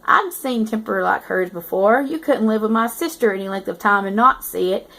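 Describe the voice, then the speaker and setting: A woman's voice: medium pitch, moderate pace, gravelly, fairly bright tone. A woman reading aloud as a teasing eighteen-year-old male student narrating his story. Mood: amused. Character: cocky teasing young male college narrator.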